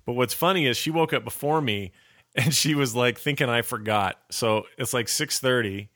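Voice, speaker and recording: A man's voice: medium pitch, normal speed, fairly bright tone, no room sound, studio quality. A man hosting a casual podcast, joking, laughing often and rambling through asides. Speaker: podcast host.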